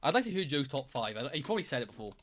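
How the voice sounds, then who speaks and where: A man's voice: mid-range voice, very animated, racing, noisy background. A man chatting casually as a streamer reacting to videos, enthusiastic and rambling. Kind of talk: casual chat.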